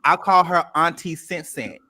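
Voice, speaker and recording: Bright-voiced gushing man. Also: a little high, a little slow. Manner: dramatic, gushing. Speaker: recap panelist. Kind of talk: casual panel chat.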